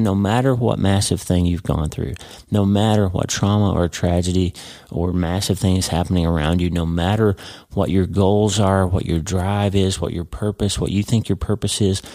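Deep-voiced man giving earnest devotional teaching. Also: warm tone, dry recording, studio quality. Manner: earnest, addresses listener as friend. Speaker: podcast host.

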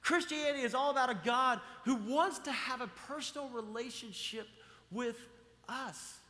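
A pastor delivers an emphatic sermon in a high, forceful voice, hammering his points home by repeating them and asking the congregation questions. His words ring out with the long reverb of a large church sanctuary. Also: moderate pace.

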